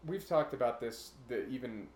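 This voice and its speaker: A man's voice: medium pitch, expressive, moderate pace, a little mellow, echoey room, a little hiss or hum. A man co-hosting a casual chat, rambling and breaking into brief imitation voices, a little nervous about recording. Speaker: podcast co-host.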